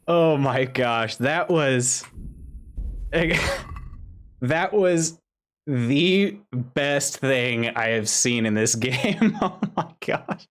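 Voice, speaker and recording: A man streaming a video game who laughs often, exclaims loudly and reads out viewers' chat messages. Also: mid-range voice, animated, extremely slow. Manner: giggly, exclaiming, reading chat aloud. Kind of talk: casual live-stream commentary.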